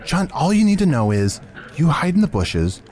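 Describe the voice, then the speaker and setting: A man's voice: on the high side, sing-song, normal speed, a little mellow. A man hosting an improvised comedy podcast who talks in a playful, hesitant way. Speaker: host.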